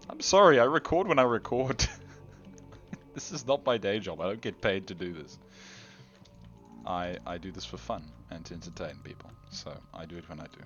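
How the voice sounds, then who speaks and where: A man's voice: deep voice, moderate pace, long pauses, a bit bright, muffled recording, soft background music. A man hosting his gaming channel, rambling in casual gameplay commentary, self-deprecating and talking straight to the viewer.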